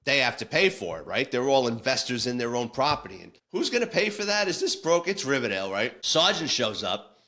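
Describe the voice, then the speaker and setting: A man's voice: mid-range voice, big pitch swings, a little fast, pushed and bright. A man, a former police detective telling war stories in a casual, blunt, salty way with frequent restarts. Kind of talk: casual storytelling.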